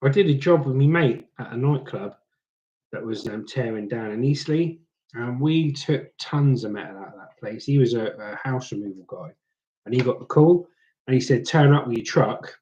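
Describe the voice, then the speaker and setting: This man, a livestream host, reads chat comments aloud while casually swapping scrapping stories, sometimes dropping into mock accents. His medium-pitched voice is expressive and warm at a normal speed, though the recording sounds muffled.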